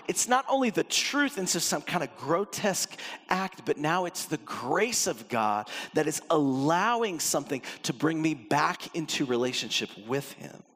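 A male pastor delivering a lively sermon, his voice sitting a bit high for a man. He swings from excited emphasis to hushed, intense low stretches. The sound carries the long reverb of a big hall. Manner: animated, emphatic, with sudden drops to a low intense voice.

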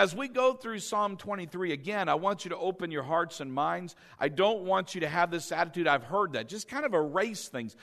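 A middle-aged male pastor preaching with a high, bright-pitched voice. His delivery swings widely, rising and dropping as he calls on the congregation to repeat words after him. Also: creaky. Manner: call-and-response preaching, swinging between loud and soft. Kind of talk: sermon.

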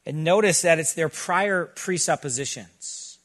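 Higher-voiced man preaching a conversational sermon. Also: fairly bright tone. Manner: earnest, conversational preaching with quick asides. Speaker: pastor.

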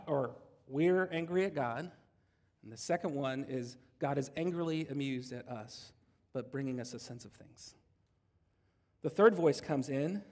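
Conversational pastor in a reverberant hall. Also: male voice, on the high side, darkish tone. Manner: conversational, jokes with the congregation. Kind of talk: sermon.

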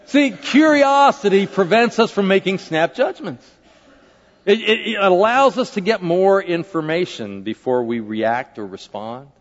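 A man's voice: high-pitched, lively intonation, measured pace. A man, a pastor, preaching a conversational sermon in a large church sanctuary, often asking the congregation questions. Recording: dull lo-fi recording with long hall reverb.

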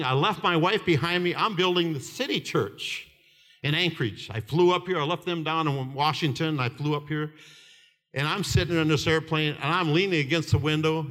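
A man in his seventies preaching a fervent sermon, telling stories with laughter and shouted lines. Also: fairly high pitch, moderate pace. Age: 70s. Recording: reverberant hall.

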